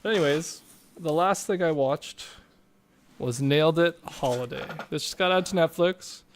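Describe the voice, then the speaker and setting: Podcast co-host dude, kinda high voice, rambly and laughy. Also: male voice, moderate pace, a little hiss or hum. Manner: rambling, animated, laughs often. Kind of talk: casual chat.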